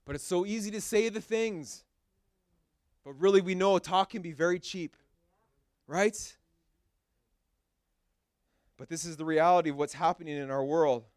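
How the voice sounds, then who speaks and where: A pastor delivering a sermon, his voice high and smooth. He drives points home with short, repeated phrases and slips into easy, joking asides. The sound is dry and close, with little room echo. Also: measured pace, pauses often. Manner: emphatic, repetitive preaching with short punchy phrases; conversational asides with light humor. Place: church sanctuary.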